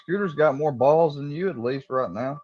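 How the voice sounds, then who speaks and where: A man's voice: fairly high pitch, moderate pace. A man on a livestream, arguing in a combative, profane, mocking way. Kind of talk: heated livestream argument. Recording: dull lo-fi stream audio.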